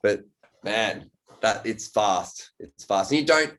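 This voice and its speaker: A man hosting a podcast talks in a loose, rambling stream with an easy, offhand swear here and there. His voice sits somewhat low. It is casual chat among friends. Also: animated, slow, fairly bright tone. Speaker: podcast host.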